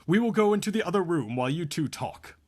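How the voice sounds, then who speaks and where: A man reading the part of a protective, blunt Amish brother, his pitch raised. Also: expressive, fast. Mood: brisk.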